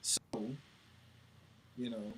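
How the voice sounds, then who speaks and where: Bright-voiced laid-back man. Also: drawn-out words, slight background noise. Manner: laid-back, trailing off with fillers. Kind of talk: casual chat.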